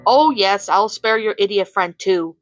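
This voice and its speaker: A woman's voice: medium pitch, a little slow, faint music behind, natural voice, low-quality recording. A woman voicing a sarcastic female supervillain thief who snarls and purrs her lines in a fan story reading. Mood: snarky teasing. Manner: sarcastic, snarling, teasing purr.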